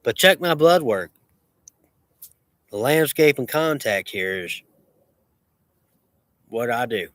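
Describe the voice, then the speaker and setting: A man's voice: mid-range voice, animated, slow, pauses often, a bit bright, dry recording. Rambling boastful man, dry sound. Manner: rambling, repetitive, boastful, with many restarts. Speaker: lawn care business owner. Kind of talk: rambling casual monologue.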